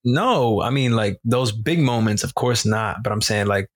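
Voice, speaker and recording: A man's voice: fairly low pitch, moderate pace, no room sound. A man co-hosting a podcast, chatting loosely in slangy banter. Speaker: podcast co-host. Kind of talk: casual chat.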